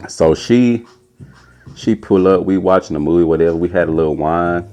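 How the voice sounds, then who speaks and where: A young man telling a casual, animated story as a podcast host, putting on a high voice for quotes. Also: moderate pace, muffled recording, faint music behind.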